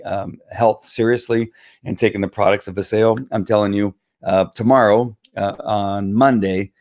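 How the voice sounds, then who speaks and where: A man streaming live from home, talking casually to viewers with a hoarse, tired voice, rambling with many fillers and throat clearing. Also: lowish voice, a little mellow, no room sound, studio quality. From Southern California. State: hoarse, losing his voice. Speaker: live stream host selling wellness products. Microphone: computer or phone camera.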